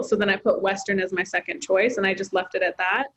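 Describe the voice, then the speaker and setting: A woman's voice: medium pitch, little pitch movement, a little fast, few pauses, a bit bright, rough recording. A young woman, a college student, telling a personal story in an interview, heartfelt and chatty with lots of filler words. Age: young adult. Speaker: student guest.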